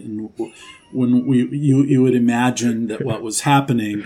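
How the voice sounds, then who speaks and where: Low, mellow-voiced male guest. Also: steady tone. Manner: thoughtful, measured, with many fillers and restarts. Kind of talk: conversational interview.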